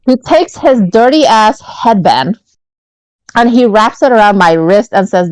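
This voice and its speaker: A woman co-hosting a podcast, telling an animated, profane story in casual chat. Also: fairly high pitch, a little slow, dry recording, low-quality recording. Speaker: podcast co-host.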